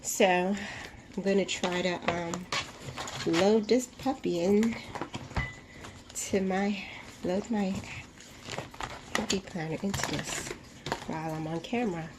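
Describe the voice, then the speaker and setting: A woman talks slowly through a casual unboxing vlog from her room at home. Her speech is drawn out, with breathy exclamations as she gushes. Steady household noise runs beneath her voice. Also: on the low side. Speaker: vlogger.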